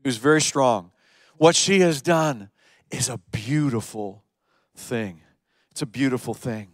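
A man preaching a sermon as a pastor, telling the story in a lively way and swinging between hushed lines and emphatic ones. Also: mid-range voice, a little slow, no room sound.

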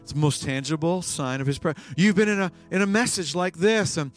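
A male pastor preaching a sermon, swinging between hushed lines and emphatic bursts. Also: a little high, brisk, faint music behind.

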